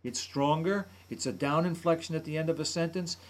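A man's voice: a little high, steady tone, fairly quick. A man commenting on a radio talk show, analyzing politicians' speaking styles in detail. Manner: analytical, imitates speech patterns. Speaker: voice and speech commentator.

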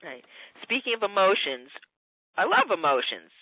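A woman's voice: medium pitch, wildly swooping pitch, normal speed, no echo. A woman speech coach giving methodical, instructive advice in a radio interview. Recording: tinny phone line, dry.

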